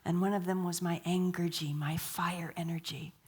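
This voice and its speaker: Woman speaker at church, bit husky, tells stories, asks the crowd stuff, goes quiet and whispery to make a point. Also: on the low side, fairly even intonation, normal speed. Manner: storytelling, asks the audience questions, drops to a whisper for emphasis. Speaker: guest speaker. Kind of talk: sermon.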